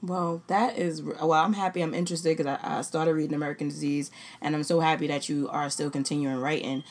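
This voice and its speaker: An interviewer hosting an author, asking quick flash questions and giving brief affirmations. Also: medium pitch, steady tone. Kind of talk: interview host.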